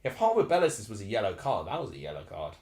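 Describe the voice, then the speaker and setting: A young man from Essex, England, in his twenties hosts a live football watchalong, rambling chattily and reacting aloud to the match. His pitch is lively and swooping and his pace quick, with a noticeable echo from the roomy space.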